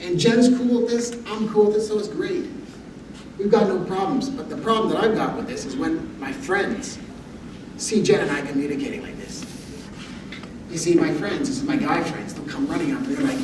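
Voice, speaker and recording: A man giving a motivational talk, telling humorous personal stories with an animated, self-deprecating delivery. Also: high voice, normal speed. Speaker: motivational speaker. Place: university lecture hall. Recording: echoey hall audio from far off with background noise.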